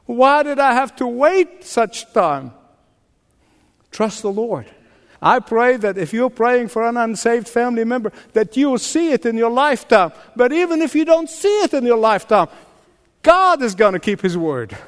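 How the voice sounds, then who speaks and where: Older guy preaching a sermon, high pitched, gets the crowd to repeat after him, big echoey church hall. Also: animated, normal speed. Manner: emphatic, call-and-response with congregation. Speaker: pastor. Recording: long reverb of a large hall.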